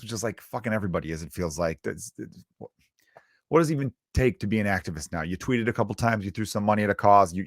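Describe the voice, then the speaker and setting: A young man from the Chicago area hosts his own podcast and talks in a loose, crude comedic monologue that keeps veering into asides. His voice sits fairly low. The sound is close and dry, with no room around it. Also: a bit bright, dry recording. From Chicago area, United States. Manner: crude, riffing, self-interrupting with asides.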